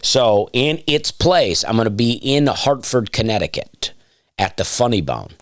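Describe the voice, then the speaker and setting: A man with a smooth baritone voice, hosting a casual solo comedy podcast, rambling with dry, self-deprecating asides and plenty of fillers. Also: sing-song, measured pace, dry recording. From Alabama. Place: home, during nap time.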